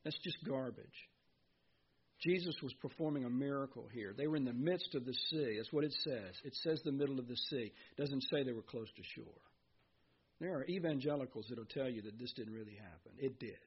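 A man's voice: medium pitch, a little fast, breathy edge, highs cut off. A man preaching a sermon as pastor, reading scripture and asking his listeners questions. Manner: earnest preaching, reads scripture aloud, asks the congregation questions.

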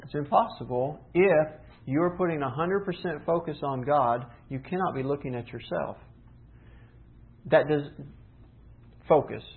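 A man preaching a sermon, teaching earnestly with rhetorical questions and slowing down for emphasis. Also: fairly high pitch. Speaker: pastor. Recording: tinny phone-like sound.

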